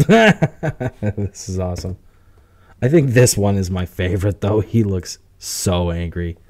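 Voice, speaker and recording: Man, host, mocking commentary, swears a lot, low pitch, warm dark tone. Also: expressive, takes it slowly. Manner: profane, mocking, laughs often. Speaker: show host. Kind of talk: commentary reacting to clips.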